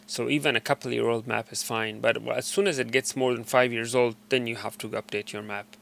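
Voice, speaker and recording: Step by step, a man shows viewers their device settings in a casual screen walkthrough, speaking loosely and hesitantly with fillers and frequent mid-sentence restarts. His medium-pitched voice is brisk and a bit bright, with vocal fry and fairly even intonation.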